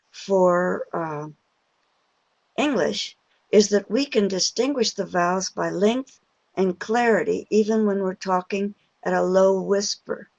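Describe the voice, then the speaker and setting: An older woman teaches pronunciation in an unhurried, deliberate way, drawing out stressed vowels to show them. Her voice carries a gravelly edge. The sound is dry and close, straight into the mic. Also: mid-range voice, a little mellow, dry recording. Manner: patient and encouraging with the audience. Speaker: pronunciation teacher giving a webinar. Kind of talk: slow, deliberate lecture.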